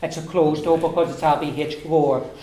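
A man leads a pronunciation lesson and says each word several times so the class can hear it. His voice sits a little high. The classroom is echoey and has a faint hiss. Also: little pitch movement. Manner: drills words by repeating them slowly. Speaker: Irish language teacher.

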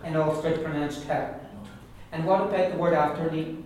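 A man teaching a pronunciation class, patiently repeating words slowly for learners. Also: a little high, steady tone, darkish tone, a little hiss or hum. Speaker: Irish language teacher. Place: classroom with students. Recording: echoey classroom from far off, group around.

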